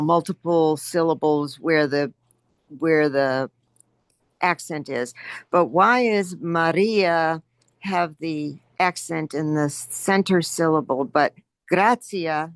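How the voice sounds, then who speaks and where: A woman's voice: low-pitched, slow, no room sound. A woman asking her teacher a careful, hesitant question in an online class over a video call. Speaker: student.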